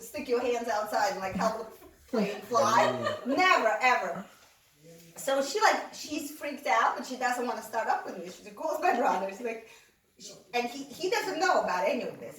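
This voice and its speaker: Woman storyteller, high and animated, laughing through her tales, recorded roomy and from a distance. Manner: laughs often, acts out quoted family voices. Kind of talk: casual comic storytelling. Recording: roomy sound from a distant mic, faint noise.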